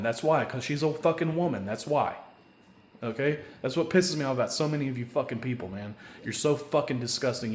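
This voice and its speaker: A man delivering a rambling, angry, profane solo rant, now and then building to loud shouting. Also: medium pitch. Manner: angry, profane, repeats a stock filler question. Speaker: vlogger. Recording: echoey room.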